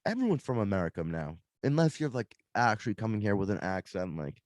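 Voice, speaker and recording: A young man with a low, warm voice. He talks bluntly in casual radio banter, swearing freely. The sound is dry, close and without room echo. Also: sing-song, quick pace. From Massachusetts, near Boston. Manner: blunt, swears freely, says "bro" and "dude". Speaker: podcast co-host. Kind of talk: casual profane chat.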